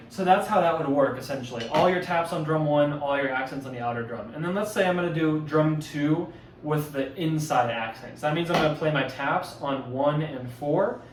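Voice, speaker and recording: This clip has a drumline instructor casually explaining audition exercises, his speech loose with fillers and self-corrections. His pitch is fairly high. The background is noisy, and the distant mic captures an echoey room.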